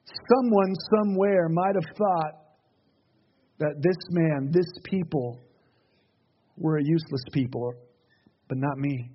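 A man preaching a sermon to a congregation, dropping to a hush and then rising again as he drives his points home. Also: a little high, takes it slowly, long pauses, muffled recording, a little hiss or hum. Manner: dramatic, swings between hushed and raised passages.

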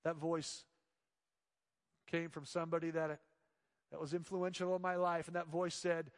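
A man preaching a sermon as pastor, swinging between loud emphatic lines and hushed soft ones. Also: a little high, monotone, normal speed, long pauses, in a large hall.

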